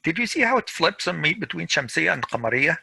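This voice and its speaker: A man teaching a weekend school class, drilling word pronunciation slowly and repeating each word to his students. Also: fairly high pitch, very animated, creaky, sharp tone, breathy edge, no room sound, rough recording. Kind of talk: classroom grammar lesson.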